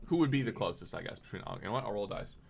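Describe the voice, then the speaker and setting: A man's voice: fairly low pitch, sing-song, racing, creaky, darkish tone, husky, soft background music. A man narrating as game master of a tabletop game, loose and chatty with frequent ums.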